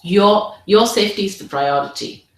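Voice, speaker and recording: Woman, medical tutor, earnest teaching talk, repeats herself, mid pitch, echoey room. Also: normal speed. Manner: earnest, repeats words, models empathetic phrases. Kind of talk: teaching presentation. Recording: roomy echo.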